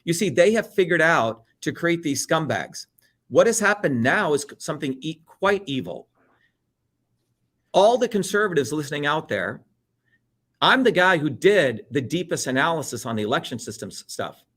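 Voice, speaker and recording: Middle-aged man, blunt heated political talk, slightly high-pitched, mimics others, swears freely. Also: sing-song, normal speed, a bit bright. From India. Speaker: interview guest.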